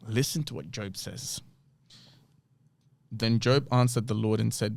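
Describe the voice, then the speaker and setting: A man's voice: lowish voice, level tone, normal speed, a little mellow, no echo. A man hosting a podcast, reading scripture aloud and explaining it earnestly, with frequent rhetorical questions. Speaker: podcast host. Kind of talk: bible teaching talk.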